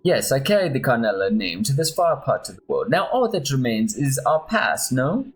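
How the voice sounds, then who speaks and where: A man voicing a charming middle-aged male mercenary with a put-on Spanish accent and smooth, persuasive talk. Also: medium pitch, sing-song, normal speed, soft background music, pitched above the performer's own voice, natural voice.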